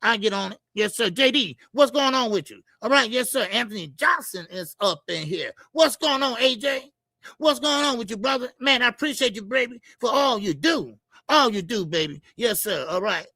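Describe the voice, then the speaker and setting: Gravelly high-voiced male livestream host. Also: expressive, moderate pace, pushed and bright, no room sound. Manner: greets viewers by name, keeps repeating "yes sir" and "all right". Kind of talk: casual live-stream chat.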